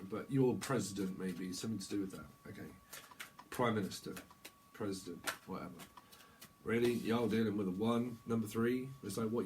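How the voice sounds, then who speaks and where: A man's voice: on the low side, slight background noise, poor audio. Rambling, swearing tarot reader, man. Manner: rambling, swearing, laughing often, slangy. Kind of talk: casual tarot reading monologue.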